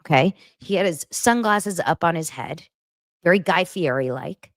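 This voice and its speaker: Lively gossiping woman host. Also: on the low side, normal speed, no echo, clean studio sound. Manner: gossipy, animated, sarcastic asides. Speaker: podcast host recapping reality TV. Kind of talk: casual chat.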